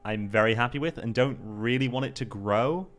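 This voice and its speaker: A man's voice: medium pitch, normal speed, fairly bright tone. A young British man, a card-counting guest, telling stories in an easygoing, self-deprecating way on a casual podcast. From United Kingdom.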